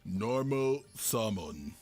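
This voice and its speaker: A man streaming a card game live, loud and playful, laughing and breaking into sudden high shouts and mock-preachy lines. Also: animated, extremely slow, faint music behind. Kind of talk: live gameplay commentary.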